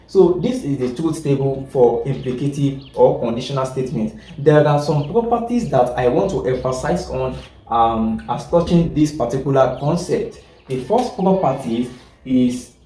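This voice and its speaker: In a classroom lecture on logic, a man with a mid-range, dark-toned voice repeats his points and corrects himself mid-sentence. His explanations are halting, and he keeps asking whether listeners follow, heard from a distant mic in an echoey room.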